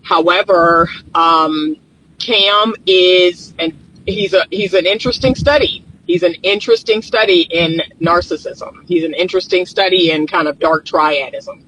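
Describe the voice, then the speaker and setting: A man's high-pitched, sharp, groggy morning voice comes a little slowly through a low-quality phone recording with a little hiss or hum. He's a relationship therapist outdoors in the sun doing casual vlog commentary, phone held or propped nearby, talking directly and emphatically to viewers and repeating points.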